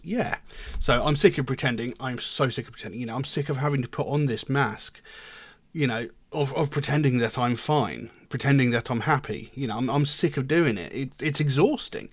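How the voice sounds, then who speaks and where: Man, mid-pitched, plain earnest talker, blunt swearing, dry close mic, casual commentary host. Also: a little fast, husky, no echo. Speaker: music reaction video host.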